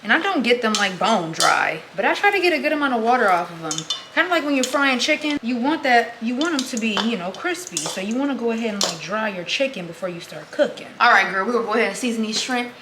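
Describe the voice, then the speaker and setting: A woman's voice: on the high side, very animated, fast, few pauses, noisy background. A pregnant woman vlogging as she cooks in her kitchen, chatting casually and calling her viewers "girl" and "y'all.". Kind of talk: casual chat while cooking. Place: home kitchen.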